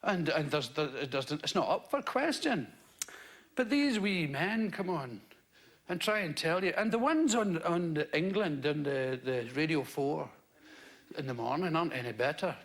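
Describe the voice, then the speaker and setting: A man's voice: a little high, moderate pace. A man with a Scottish accent performing a rambling, mocking stand-up routine on stage before a live audience. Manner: rambling, mocking, lively storytelling. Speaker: stand-up comedian. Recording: loud noisy live stand-up recording with audience laughter.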